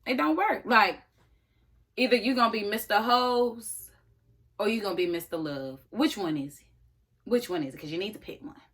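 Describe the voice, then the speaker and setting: Bright-voiced woman telling a story. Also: medium pitch, normal speed. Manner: animated, slangy, addresses viewers as y'all. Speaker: vlogger. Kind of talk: casual storytelling.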